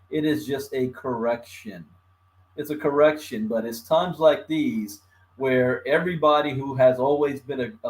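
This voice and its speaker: Still numb after the dentist, this mid-range-voiced streamer from Los Angeles, California, lisps a little while chatting casually about crypto. He keeps laughing and calls out his viewers by name.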